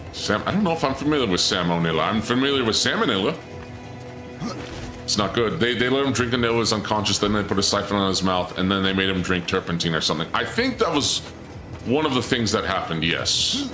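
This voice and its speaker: A man streaming a game, chatting casually to his viewers and rambling through a story, often trailing off and restarting sentences. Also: on the low side. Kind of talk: casual gameplay commentary to chat. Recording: music playing behind the voice.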